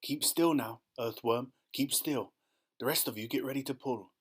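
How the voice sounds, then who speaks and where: A man's voice: medium pitch, normal speed, slightly rough, lightly acted. A man voicing a brave young boy in an audiobook, calling out urgent commands. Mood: hushed urgent. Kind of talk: audiobook character voice.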